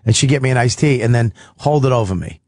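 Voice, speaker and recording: Husky man telling crude road stories. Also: mid-range voice, quick pace, no room sound, clean studio sound. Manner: animated, swearing, acts out quotes. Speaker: comedian guest. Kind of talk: raunchy comic storytelling.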